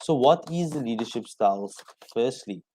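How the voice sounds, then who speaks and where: A man from South Africa teaching an exam revision lesson on the radio, explaining slowly point by point so students can take notes. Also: mid-range voice, lively intonation, dark tone, low-quality recording.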